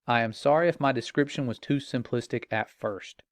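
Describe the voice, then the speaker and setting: A man reading out a smooth, courteous chatbot. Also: mid-range voice, normal speed, no room sound, studio quality, lightly acted. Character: polite, soothing AI chatbot read as a demon.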